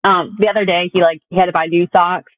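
A woman's voice: fairly low pitch, level tone, quick pace, no room sound. A young woman chatting casually as a guest and telling personal stories with lots of fillers. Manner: chatty storytelling with many fillers. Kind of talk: casual conversation. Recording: tinny phone-like audio.

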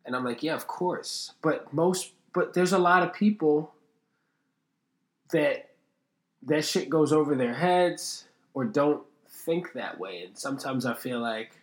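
A man's voice: a little high, animated, measured pace. Profane rambling podcast man, roomy sound. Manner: rambling, profane, self-deprecating. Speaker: podcast host. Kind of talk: casual solo podcast monologue.

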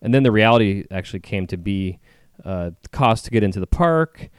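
Deep, smooth-voiced man in casual chat. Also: expressive, fairly quick, dry recording, studio quality. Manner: rambling, with many fillers and restarts. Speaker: podcast co-host.

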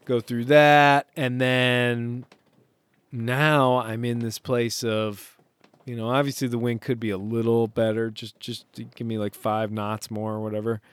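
Man, solo sailor, slow relaxed pace, smooth clear voice, dry close sound, rambling self-mocking talk. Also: medium pitch, no echo. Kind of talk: casual talk. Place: on a sailboat offshore.

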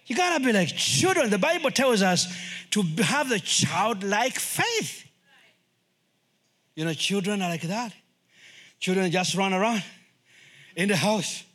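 A lively male preacher delivering a sermon, his fairly high voice swooping up and down as he repeats phrases for emphasis. He acts out the people in his stories and keeps the crowd with him. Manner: animated, repeats words, acts out quoted voices. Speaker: guest preacher, missionary.

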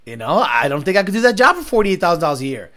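A man's voice: high-pitched, sing-song, rapid-fire, fairly bright tone. A man hosting a casual reaction video, rambling and joking in a crude, profane way. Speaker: host.

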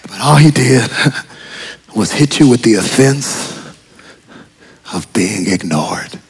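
A middle-aged man preaching a sermon as pastor, telling stories with humor and swinging from hushed tones to shouts. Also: medium pitch, expressive, slow, slightly rough. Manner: humorous, storytelling. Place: large church auditorium.

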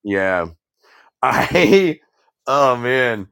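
A man's voice: medium pitch, very animated, drawn-out words, creaky, a bit bright, clear, resonant tone. A man co-hosting a casual podcast chat, swearing often and thinking aloud as he weighs his picks. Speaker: podcast co-host.

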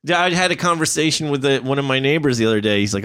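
A man's voice: mid-range voice, animated, rapid-fire, fairly bright tone. A man co-hosting a casual podcast, rambling with many fillers and curse words. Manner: rambling, filler-heavy, profane. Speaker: podcast co-host. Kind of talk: casual chat.

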